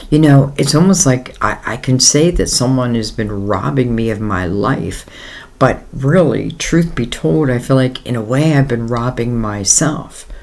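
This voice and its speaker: A man's voice: medium pitch, animated, unhurried, gravelly. A man giving a casual tarot reading, talking in a rambling, conversational way with many fillers and speaking straight to the listener in a reassuring tone. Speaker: tarot reader.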